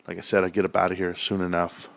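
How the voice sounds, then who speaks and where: A man's voice: sits low, monotone, fast talker, vocal fry, a bit bright, no echo. A man hosting a live stream, reading chat and ranting in a sarcastic, heated, emphatic way. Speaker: livestream host reading chat. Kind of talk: live-stream rant about stocks.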